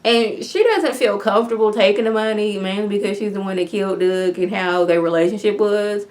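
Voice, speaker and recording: A chatty woman recaps a TV episode and tells it like gossip to a friend. She speaks at a middle pitch, and she keeps her delivery animated with a steady stream of "like.". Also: fairly quick. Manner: chatty, animated retelling with lots of "like". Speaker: TV episode reviewer. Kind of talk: casual recap vlog.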